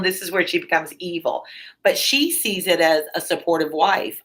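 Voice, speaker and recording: A woman tutor reading a play aloud and explaining it casually, with lively high-pitched asides. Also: moderate pace. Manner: casual and animated, jumps into high excited asides.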